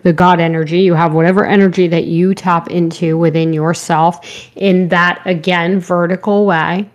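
A woman hosting a live-streamed spiritual talk, her voice slightly hoarse, rambling gently and greeting viewers by name. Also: lowish voice, fairly even intonation, moderate pace. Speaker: spiritual show host.

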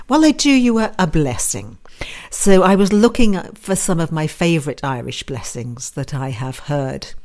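A chatty woman with a notably low voice hosts a live internet radio show. She talks casually and rambles a little, slipping in self-deprecating asides as she greets listeners. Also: darkish tone. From United Kingdom. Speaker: radio host and psychic advisor.

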